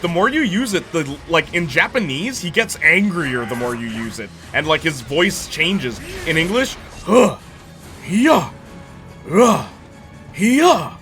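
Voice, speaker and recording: A man's voice: on the high side, expressive, normal speed, hardly any pauses, pushed and bright, faint music behind. A young man chatting casually as a streamer while reacting to a movie, rambling and slangy, laughing often.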